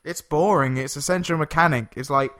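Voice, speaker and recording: A man's voice: fairly high pitch, brisk, a bit bright. A man co-hosting a casual gaming podcast, blunt and opinionated. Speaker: podcast co-host.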